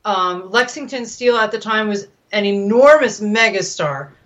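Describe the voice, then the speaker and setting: A woman, a regular guest on a talk show, chatting candidly and telling lively stories. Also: measured pace, lo-fi sound. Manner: animated storyteller, swoops high when excited. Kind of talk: candid casual chat.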